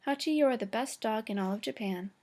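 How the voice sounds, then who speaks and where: Kind old professor read by a woman, higher voice, patient and fond with his dog. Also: fast, darkish tone. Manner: patient, fond commands to a puppy. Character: kind, gentle older male Japanese professor.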